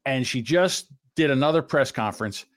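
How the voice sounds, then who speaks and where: A man's voice: medium pitch, lively intonation, normal speed. Philly guy hosting a podcast, rambly and blunt, swears a lot. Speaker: podcast host. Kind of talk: casual chat.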